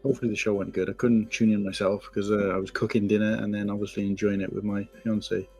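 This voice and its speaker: A man's voice: on the low side, level tone, fast talker, slightly rough. A man hosting a casual live stream from home, rambling and greeting viewers by name. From England. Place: home room at night. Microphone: desk mic, no headphones. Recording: faint background music. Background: quiet background music.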